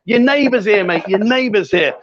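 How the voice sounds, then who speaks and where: A man's voice: high voice, expressive, moderate pace, a bit bright. A man hosting a live stream from a bar, chatty and teasing, calling people sweetheart. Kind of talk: lively live-stream banter. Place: bar with a pool table. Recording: dull lo-fi stream audio.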